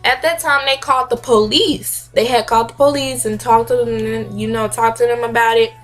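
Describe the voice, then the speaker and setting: Animated young woman vlogger telling a story. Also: on the high side, brisk, faint music behind. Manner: animated, slangy, acts out quotes. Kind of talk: storytime vlog.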